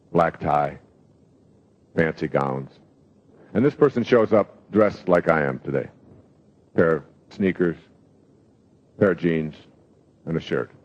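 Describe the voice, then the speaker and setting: An older man giving a motivational lecture, telling stories in a reflective way with pauses and fillers. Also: sits low. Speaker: motivational speaker. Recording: dull lo-fi lecture recording.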